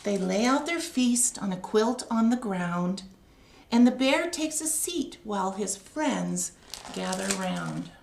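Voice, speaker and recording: A woman librarian reading a picture book aloud to young children with an expressive read-aloud delivery, then chatting with them. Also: medium pitch, slow, vocal fry. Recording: echoey room, faint noise.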